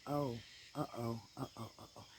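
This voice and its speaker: A man vlogging from his garden on a phone sounds congested from allergies. His medium-pitched voice keeps a steady tone at normal speed, with a little hiss or hum, while he rambles in an easygoing way and drifts into asides.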